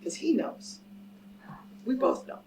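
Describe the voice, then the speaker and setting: A woman's voice: slow pace, mellow. A woman scholar giving a public lecture and telling a story to a live audience, emphatic and direct, often turning to the crowd with questions. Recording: speaker a little far from the mic, faint background noise.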